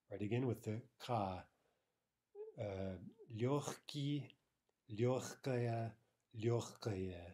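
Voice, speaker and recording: A man teaching a recorded language lesson, explaining patiently and repeating example words slowly with frequent "right?" checks. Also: on the low side, warm tone, slightly rough.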